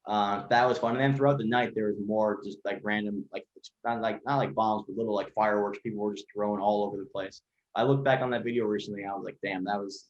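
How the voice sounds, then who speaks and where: A man tells stories at a rapid clip, rambling and swearing freely as a podcast guest. His voice sits a little low. The recording sounds dull and lo-fi. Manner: rapid, rambling, heavy filler and profanity. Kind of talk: casual storytelling. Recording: lo-fi dull audio.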